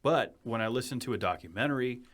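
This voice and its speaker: A man with a New England accent hosting a casual podcast chat in a studio, eager and quick with his opinions. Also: mid-range voice, expressive, a bit bright. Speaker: podcast host. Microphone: studio microphone.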